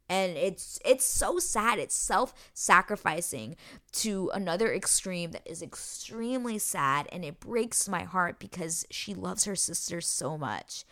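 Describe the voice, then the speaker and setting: A woman's voice: on the low side, expressive, a little slow, pushed and bright. A woman hosting a podcast, recapping a show episode in an emotional, gushing, rambling way full of fillers. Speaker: podcast host. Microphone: podcast microphone.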